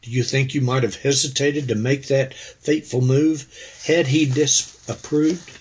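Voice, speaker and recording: A man hosting an interview, asking long, measured, deliberate questions. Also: medium pitch, steady tone, breathy edge.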